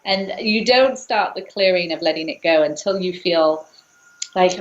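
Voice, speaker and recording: Woman tapping coach, lower voice, earnest explaining, echoey room, muffled lo-fi sound. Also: moderate pace. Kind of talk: explaining a technique in conversation. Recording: roomy, dull lo-fi call audio.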